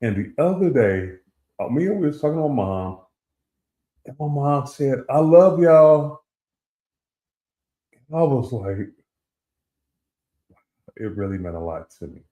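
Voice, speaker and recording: A man's voice: mid-range voice, very animated, normal speed, long pauses, mellow. A middle-aged man co-hosting a casual talk show and telling a personal story, acting out the voices he quotes. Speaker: co-host. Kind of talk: casual chat. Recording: echoey room.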